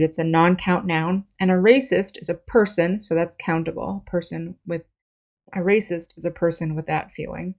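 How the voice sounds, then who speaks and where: Woman, English teacher, patient step-by-step explanations, lowish voice. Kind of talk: vocabulary lesson.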